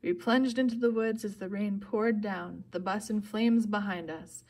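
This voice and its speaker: A woman's voice: steady tone, measured pace. A woman reading a novel aloud steadily, lifting her voice for the characters' lines. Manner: reads steadily, voicing characters with louder, higher bursts. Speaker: audiobook reader.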